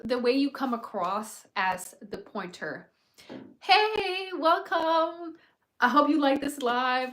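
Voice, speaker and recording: A woman's voice: on the high side, fairly bright tone, slight background noise, poor audio. A young woman hosting a casual livestream, talking through advice with many fillers and asides to her viewers. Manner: chatty, filler-heavy, frank advice. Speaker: livestream host.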